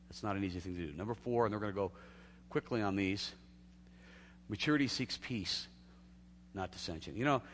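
A man's voice: lowish voice, fairly bright tone, slight background noise. A man preaching a sermon in a loose, conversational way, talking directly to the congregation. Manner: conversational preaching with acted quotes and laughs. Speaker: pastor. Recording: long hall reverb.

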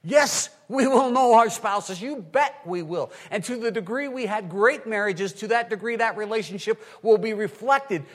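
Male pastor, high animated voice, long hall reverb. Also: moderate pace, few pauses. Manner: animated preaching, swinging from quiet to loud, plays out listeners' voices. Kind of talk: sermon. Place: large hall with an audience.

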